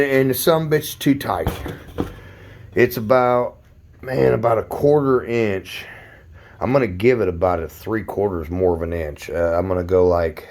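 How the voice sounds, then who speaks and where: A man with a low, darkish voice films a casual workshop vlog on his phone in his home garage. He's a roofer and hobby car builder, and he rambles and curses in frustration as he goes.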